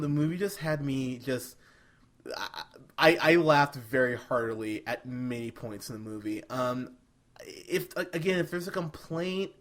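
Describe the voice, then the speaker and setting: A man talks through a film review in a loose, casual podcast chat. He is animated, laughs easily and often stumbles and restarts mid-sentence. His voice sits at an ordinary mid pitch. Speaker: podcast co-host.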